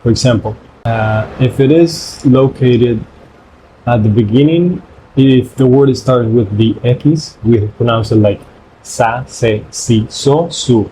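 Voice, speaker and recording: A man whose first language is Spanish, teaching pronunciation in English by repeating syllables in slow drills. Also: medium pitch, mellow, a little hiss or hum, low-quality recording. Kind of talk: pronunciation lesson.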